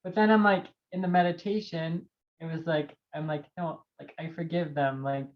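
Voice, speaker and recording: Low-voiced woman chattily sharing her story. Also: steady tone, moderate pace, lo-fi sound. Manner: chatty, lots of likes, laughs often. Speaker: circle member sharing an experience. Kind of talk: casual sharing.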